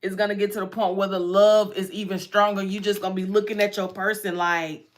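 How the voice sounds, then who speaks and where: A woman's voice: mid-range voice, level tone, brisk. A woman giving a casual tarot reading, chatty and repetitive, often breaking into laughs. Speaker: tarot reader.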